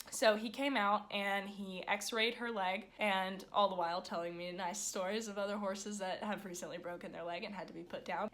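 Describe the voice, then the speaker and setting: A woman's voice: mid-range voice, a bit bright. Chatty young woman telling a story. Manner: chatty, lots of "like", acts out quoted people. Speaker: vlogger, horse owner. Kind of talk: casual storytelling vlog.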